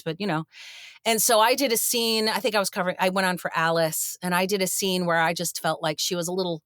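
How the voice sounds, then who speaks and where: A woman actress as a guest in an interview, telling backstage stories in a lively way and acting out what people said. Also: mid-range voice, quick pace, no room sound. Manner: animated storyteller, acts out quotes with laughs. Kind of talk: interview storytelling.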